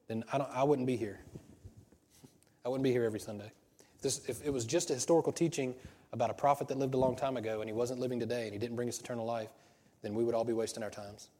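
A man's voice: medium pitch, warm tone, in a large hall. A pastor preaching a sermon in a conversational way, asking rhetorical questions and restarting his sentences.

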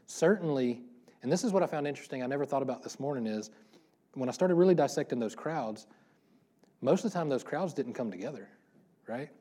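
A man's voice: medium pitch, lively intonation, brisk, dark tone, slightly rough. A man pastor giving a casual, interactive sermon, asking the congregation questions and laughing often. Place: church room before a congregation.

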